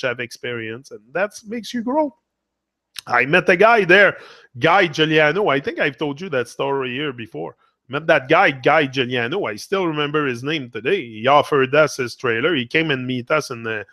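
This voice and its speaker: A young Québécois man talks bluntly and casually, swearing and circling back on his phrases. His voice sits a bit high with a bright, forceful edge. The sound is close and dry. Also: no echo. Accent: Québécois French. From Quebec, Canada. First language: French. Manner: blunt, swears freely, repeats phrases, drops into French. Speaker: motivational host. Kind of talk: casual motivational monologue.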